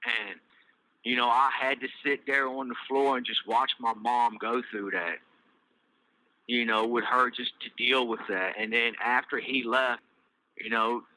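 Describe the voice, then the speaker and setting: A middle-aged man with a Southern US accent, telling his own life story in a loose, halting way with many fillers and restarts. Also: medium pitch, little pitch movement, bright, forceful tone, no room sound, poor audio. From Virginia. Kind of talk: casual personal storytelling.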